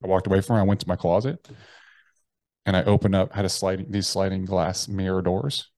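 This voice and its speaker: A man, a podcast guest, telling a personal story bluntly and profanely, with halting restarts. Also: low-pitched, flat delivery, a little mellow, no room sound. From United States. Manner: blunt and profane, with slangy address.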